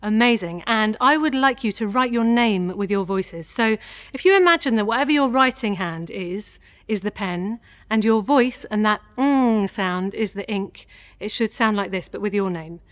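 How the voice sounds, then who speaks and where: A woman voice teacher leading a guided vocal warm-up, gentle and encouraging as she demonstrates each sound. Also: medium pitch, expressive, moderate pace.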